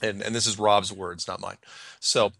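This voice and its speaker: A man hosting a casual podcast chat, rambling and halting with lots of restarts. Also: on the low side, flat delivery, gravelly, bright, forceful tone, no echo, studio quality. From Washington state, United States. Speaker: podcast host.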